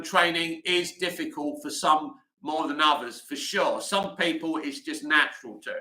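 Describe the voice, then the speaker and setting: A man's voice: on the high side, sharp tone, echoey room, poor audio. A man hosting a casual livestream, rambling chattily with lots of "you know" fillers as he answers viewer comments. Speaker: livestream host.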